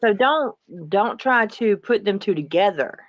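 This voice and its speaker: A woman's voice: medium pitch, expressive, measured pace, no echo, highs cut off. A woman, speaking bluntly and defiantly as a guest on a casual live-stream panel.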